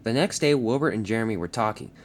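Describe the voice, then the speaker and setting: A man's voice: fairly low pitch, lively intonation, fast, a little hiss or hum. A man narrating a fan-made story in a plain storytelling way, with restarts.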